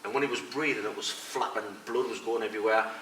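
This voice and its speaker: A man's voice: fairly low pitch, fast talker. A middle-aged man being interviewed, bluntly telling fight stories and acting out what others said. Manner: blunt, animated anecdote-telling with quoted voices. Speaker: interviewee, retired fighter and coach. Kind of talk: casual storytelling interview. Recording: echoey room, distant mic, faint noise.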